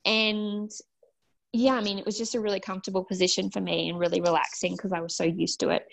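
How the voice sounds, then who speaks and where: A young woman telling a story in a loose, chatty way, with lots of "um" and "like" as she acts out what everyone said. Her voice sits at a middle pitch with a gravelly, fried edge at the ends of phrases. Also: flat delivery, quick pace. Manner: chatty, many fillers, quotes herself and others. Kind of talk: casual storytelling.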